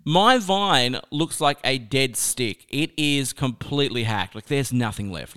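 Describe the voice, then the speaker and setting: A young man telling a personal story with a lesson, chatty and animated, often laughing as he talks. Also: medium pitch, unhurried, few pauses, clean tone. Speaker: speaker sharing a life lesson.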